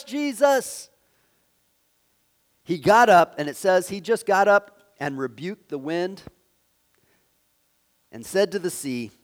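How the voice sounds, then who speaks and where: Halting preacher with dramatic loud-to-hushed swings. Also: male voice, high-pitched. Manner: halting, frequent fillers and restarts. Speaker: pastor. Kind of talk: sermon.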